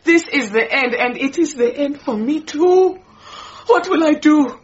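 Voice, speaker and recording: A histrionic proud housemaid. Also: female voice, high-pitched, lively intonation, a little slow. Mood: wailing. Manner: histrionic, scolding, wailing. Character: indignant, theatrical middle-aged housemaid, proud and possessive. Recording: dull lo-fi radio recording.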